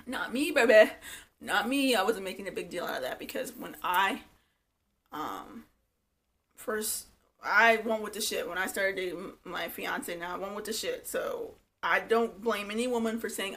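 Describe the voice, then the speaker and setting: A young woman giving blunt, profane, animated commentary on a reality show, acting out quotes as she retells scenes. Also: mid-range voice, moderate pace. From Virginia Beach, USA. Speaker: reality TV reviewer. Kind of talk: casual commentary.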